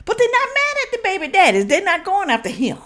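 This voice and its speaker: A woman from Memphis, hosting a reaction video and giving blunt, animated commentary to her viewers. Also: very high voice, fast talker. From Memphis, Tennessee. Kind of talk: casual commentary.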